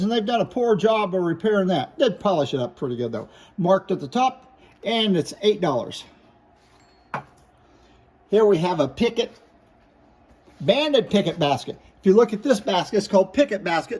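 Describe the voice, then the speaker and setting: A man with a high voice runs through glassware for sale, one piece at a time. He names each item, points out chips and repairs, and gives the price in a plain, matter-of-fact way. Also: darkish tone. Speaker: glass seller. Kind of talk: product showcase sales talk.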